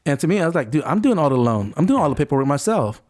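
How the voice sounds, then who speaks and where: Brief: man in his 40s, fairly high voice, lively casual storyteller who plays out the dialogue. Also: very fast. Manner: animated, acts out other people's lines. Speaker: podcast guest.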